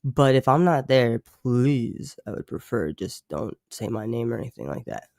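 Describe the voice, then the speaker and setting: This livestream host has a mid-range, gravelly, slightly mellow voice with a sing-song lilt at a moderate pace. The sound is clean studio audio without echo. His chat is loose and slangy, packed with "like," curse words, and frequent chuckles between comments.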